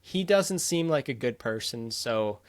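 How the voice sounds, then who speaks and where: A man's voice: medium pitch, animated, a little slow. A young man co-hosting a casual sports podcast, opinionated and blunt, rattling off scores and verdicts. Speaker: podcast co-host.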